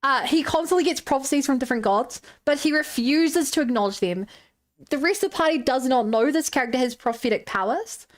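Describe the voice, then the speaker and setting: A woman's voice: high voice, lively intonation, fairly quick. A woman streamer casually retelling a tabletop game session, chatty and loose with lots of filler words.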